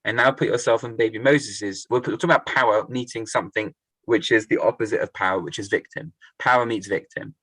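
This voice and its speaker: A man's voice: fairly low pitch, fairly quick, a bit bright, breathy edge, no echo, low-quality recording. A man leading a Torah study class, thinking aloud, restarting phrases and putting questions to the group.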